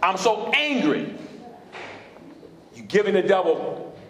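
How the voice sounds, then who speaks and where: A man's voice: high voice, very animated, slow, a bit bright, a little hiss or hum. A man preaching a sermon as pastor, questioning his congregation in call-and-response style from a church sanctuary. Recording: echoey hall.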